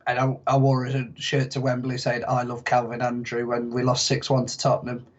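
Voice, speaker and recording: A young man chats easily on a podcast, spinning jokey, self-mocking stories. His voice sits at a middling pitch, and the recording sounds a little dull. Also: completely flat delivery, fairly quick. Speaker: podcast guest. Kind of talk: casual podcast chat.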